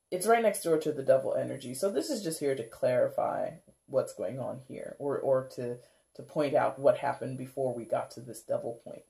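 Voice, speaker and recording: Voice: medium pitch, normal speed, vocal fry, mellow. A tarot reader giving a casual reading, rambling with lots of "like" and "kinda", laughing often and acting out how viewers might react. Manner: chatty, rambling, full of "like" and "kinda".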